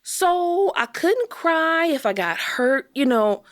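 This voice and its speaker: A woman's voice: extremely high pitch, big pitch swings, slow pace, dry recording, clean studio sound. A woman from Chicago, a podcast guest telling her story with emotion and acting out quotes. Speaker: interview guest. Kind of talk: candid podcast conversation.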